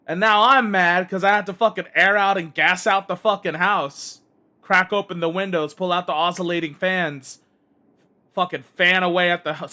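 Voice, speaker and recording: Brief: male streamer, high bright voice, exasperated cursing rant while gaming. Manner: exasperated, heavy swearing.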